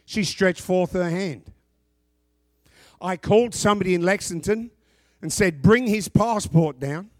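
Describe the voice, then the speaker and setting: A middle-aged pastor delivers a sermon in a high, ringing voice, booming out scripture before dropping to low, conversational asides to his congregation. He speaks unhurriedly with frequent pauses, and the recording is close and dry with no room echo.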